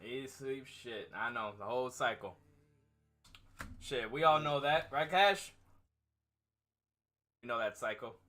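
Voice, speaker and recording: Bright-voiced man hosting a gaming chat. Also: medium pitch, slow pace, pauses often. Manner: laid-back, swears freely, laughs often. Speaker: streamer host.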